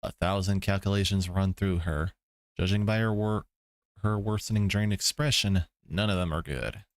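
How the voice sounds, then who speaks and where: A man's voice: sits low, fairly even intonation, moderate pace, no room sound, studio quality. A man streaming a visual novel, reading the story aloud with laid-back commentary, swearing asides and chuckles. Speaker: let's play streamer.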